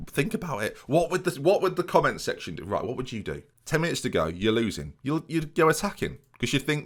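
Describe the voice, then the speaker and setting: A man's voice: medium pitch, sing-song, a little fast, few pauses. A young man commentating his football management game in a chatty, self-mocking way, talking straight to his viewers. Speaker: gaming YouTuber.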